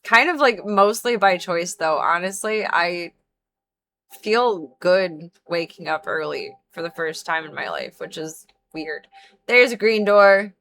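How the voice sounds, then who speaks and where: A woman's voice: fairly low pitch, unhurried, a bit bright. Chatty young woman streaming a game. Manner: chatty, rambling asides with playful silly sound effects. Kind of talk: casual gaming livestream chat.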